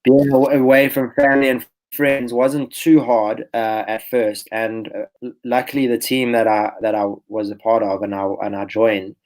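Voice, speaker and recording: A man in his twenties, a golfer guest on a podcast, telling his story in a relaxed, rambling way and often restarting his phrases. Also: mid-range voice, normal speed, rough recording. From South Africa. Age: 20s. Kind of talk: casual podcast interview.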